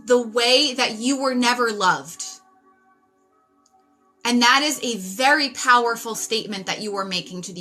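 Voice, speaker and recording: A woman's voice: fairly high pitch, pushed and bright. A woman in her thirties giving an intense spiritual reading, emphatic and repetitive, swearing for emphasis. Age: 30s. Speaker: psychic reader. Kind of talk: spiritual tarot reading monologue.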